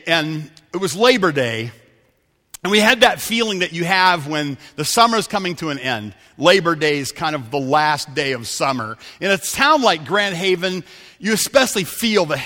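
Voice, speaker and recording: A man preaching a sermon as a pastor, telling stories, dropping to a hush for quoted lines and rising for emphasis. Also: fairly high pitch, big-room sound.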